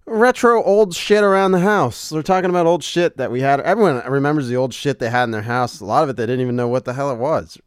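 A man's voice: mid-range voice, rapid-fire, few pauses, clear, resonant tone, no echo, clean studio sound. A man co-hosting a casual podcast, teasing and wry. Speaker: podcast co-host. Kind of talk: casual chat.

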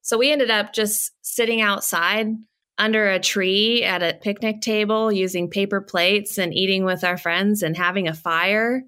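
A woman's voice: medium pitch, moderate pace. A woman in her thirties in casual conversation, telling personal stories and acting out what she said back then. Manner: animated storyteller, acts out her own past words. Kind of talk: casual chat.

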